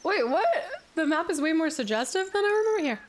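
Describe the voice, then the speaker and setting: A young woman streaming a game in casual, giggly chat, her voice going a bit hoarse as she keeps clearing her throat and talking to her cat. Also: extremely high pitch, big pitch swings, fast talker, a little hiss or hum. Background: game music.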